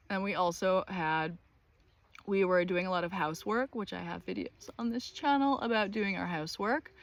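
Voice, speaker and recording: A woman hosting her own channel, telling a personal story in a casual, animated and exasperated way, with many fillers. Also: on the low side, creaky, no echo. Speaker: channel host.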